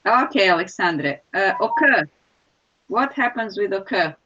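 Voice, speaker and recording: A woman teaches English grammar online, explaining each rule patiently and step by step. Her voice sits at a middling pitch and comes through a somewhat dull, lo-fi call connection. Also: animated, a little slow, sharp tone. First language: Serbian. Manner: patient, explanatory, calls on students by name.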